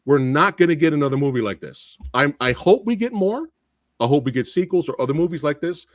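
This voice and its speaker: A man's voice: a little high, brisk, dry recording, clean studio sound. A man hosting a podcast, chatting casually and ranting with exasperation as he tells stories. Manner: exasperated, ranting, lively storyteller. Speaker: podcast host. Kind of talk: animated casual chat.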